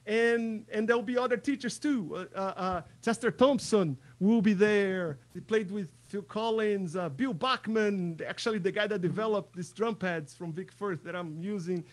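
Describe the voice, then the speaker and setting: High-voiced drum teacher leading a webinar. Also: male voice, moderate pace, few pauses. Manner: chatty, repeats words, counts in loudly over the track. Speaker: percussion teacher. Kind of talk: online drum workshop.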